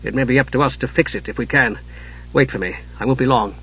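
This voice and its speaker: A man voicing a stern, grim male knight sub-commander who barks orders and turns low and tense in private, on a dull lo-fi recording. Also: fast, a bit bright, husky. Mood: low, grave.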